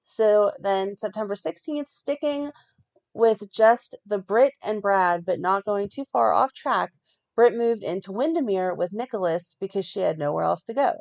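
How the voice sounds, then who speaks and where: A woman co-hosting a fan podcast, reading a plot recap in a steady run and breaking off now and then to comment. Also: medium pitch, a little slow, gravelly. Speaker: podcast co-host recapping a soap.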